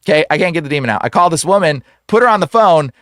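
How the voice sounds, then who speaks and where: A man, an exorcist guest, telling a story in casual, excitable slang full of "like" and "bro". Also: fairly high pitch, racing, no echo.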